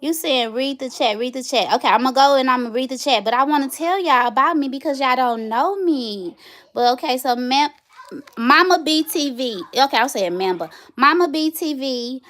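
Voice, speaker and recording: A woman in her thirties hosting a casual livestream, chatting straight to her viewers and telling stories with animated energy. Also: high-pitched, normal speed. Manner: chatty, animated storytelling, addresses viewers directly. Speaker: livestream host.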